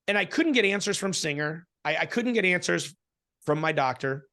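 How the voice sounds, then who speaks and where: A man telling a personal story in casual conversation, animated, with many restarts and acted-out quotes. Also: high-pitched, moderate pace. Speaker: interview guest.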